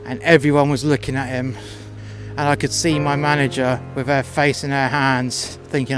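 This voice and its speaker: A man's voice: medium pitch, little pitch movement, moderate pace. Blunt, foul-mouthed male storyteller. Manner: blunt, crude, heated. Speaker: storyteller, former doorman. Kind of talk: profane personal anecdote. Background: guitar music.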